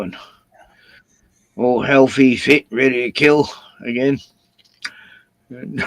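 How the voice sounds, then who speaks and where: Slow, gravelly older Australian man. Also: medium pitch, a bit bright, dry recording, low-quality recording. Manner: sweary, sighing, laughs through his story. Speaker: vlogger. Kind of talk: casual rambling anecdote.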